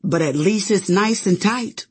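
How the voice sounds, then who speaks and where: A woman's voice: medium pitch, measured pace, breathy edge. A woman doing a blunt, scolding mom.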